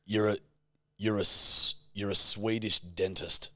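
A man's voice: fairly low pitch, no echo, clean studio sound. A man co-hosting a comedy podcast, tossing out prompts in casual banter and laughing often. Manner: animated, laughing, prompts with quick suggestions. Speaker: podcast co-host.

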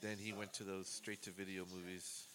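Easygoing guy on a podcast, says man a lot, crowd noise loud. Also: low voice, normal speed. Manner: relaxed, drawls "man" at line ends. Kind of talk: casual reaction chat.

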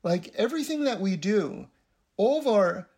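A man's voice: sits high, animated, normal speed, darkish tone. A man giving a casual spiritual teaching, rambling and often repeating his words.

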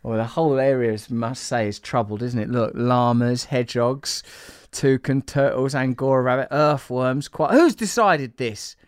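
A man's voice: medium pitch, moderate pace, hardly any pauses, clean tone, dry recording, clean studio sound. A man hosting a casual podcast, rambling and jokey, teasing his co-worker and trailing off with fillers. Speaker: podcast host.

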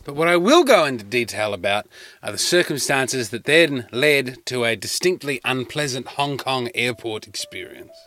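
A man's voice: mid-range voice, moderate pace. Wry Australian man telling stories in a car. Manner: rambling, wry, animated asides. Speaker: comedian podcast host. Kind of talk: casual comic storytelling. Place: parked car. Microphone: podcast mic in a car.

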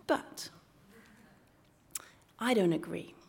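A woman telling a candid personal story on stage in a playful way, dropping into hushed asides. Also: lowish voice, animated, very slow, creaky. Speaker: story slam finalist.

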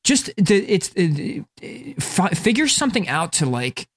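A man's voice: sits high, very animated, unhurried, husky. A man from northern New Jersey, co-hosting a podcast in casual chat, rambling with lots of "like", restarts and swearing. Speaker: podcast co-host.

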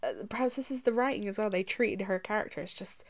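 A woman's voice: mid-range voice, fast talker. A woman guesting on a podcast, giving blunt, exasperated opinions with occasional giggles. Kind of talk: casual film chat.

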